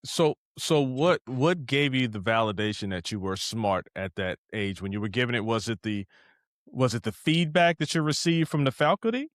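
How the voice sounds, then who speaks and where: A man's voice: medium pitch, animated, normal speed, no room sound, studio quality. A man hosting a conversational podcast interview, talking casually with many fillers and asking probing follow-up questions. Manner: casual, leans on "you know", asks probing questions. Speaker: podcast host.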